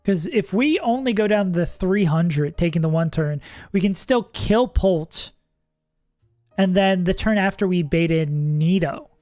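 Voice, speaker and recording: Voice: medium pitch, animated, measured pace, a little mellow, dry recording, studio quality. Streamer just chatting thru their game, laughs a lot, faint music in the back. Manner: thinks aloud, chatty, laughs often, swears casually. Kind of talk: casual livestream commentary while playing.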